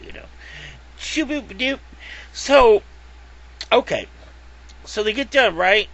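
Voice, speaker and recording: High, lively man rambling on camera. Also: slow, long pauses, a little hiss or hum. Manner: rambling, profane, many fillers, acts out quotes. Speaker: video blogger. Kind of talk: casual rambling rant to camera.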